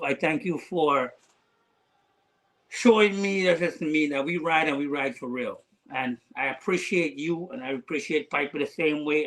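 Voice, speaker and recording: Man, earnest heartfelt talk, fillers and restarts, somewhat high pitch. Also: fairly bright tone, low-quality recording. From United States. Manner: earnest, halting with many fillers. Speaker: guest rider. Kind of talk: heartfelt casual conversation.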